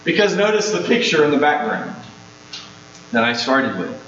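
A male pastor preaching a sermon, slow and emphatic, dwelling on repeated phrases. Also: on the high side, sing-song, a bit bright. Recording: roomy, dull sound with mains hum.

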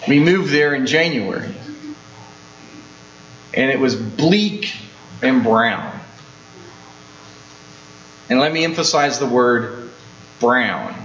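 A male pastor preaching a sermon, slow and emphatic, dwelling on repeated phrases. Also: on the high side, a bit bright. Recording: roomy, dull sound with mains hum.

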